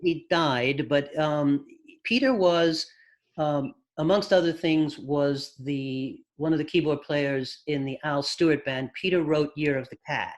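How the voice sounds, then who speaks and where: A man, a record producer, guest on an interview, telling long anecdotes at an unhurried pace with thoughtful pauses. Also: on the high side. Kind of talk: casual storytelling interview.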